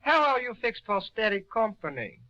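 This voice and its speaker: Otto, a cheeky ventriloquist dummy. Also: male voice, high voice, big pitch swings, moderate pace, bright, forceful tone, highs cut off, full character voice. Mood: fresh. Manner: fresh, wisecracking. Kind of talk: 1920s early talkie acting. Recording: scratchy 1920s film sound with music.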